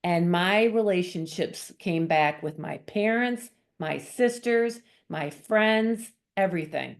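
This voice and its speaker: Woman with a slightly low voice, heartfelt guest testimony, sincere and open. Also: slow pace. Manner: earnest, emotional storytelling. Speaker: guest author sharing testimony. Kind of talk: personal faith testimony.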